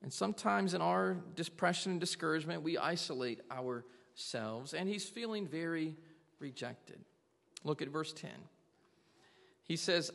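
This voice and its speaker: A man's voice: on the high side, normal speed, creaky, bright, forceful tone, in a large hall. A man preaching a sermon to a congregation, earnestly asking them question after question. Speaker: pastor.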